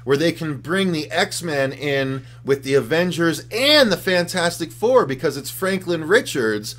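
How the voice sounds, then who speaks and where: Man, co-host, casual rant, profane, excitable, lively pitch. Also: unhurried. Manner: excitable, profane, reads chat aloud. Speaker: podcast co-host. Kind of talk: casual livestream chat.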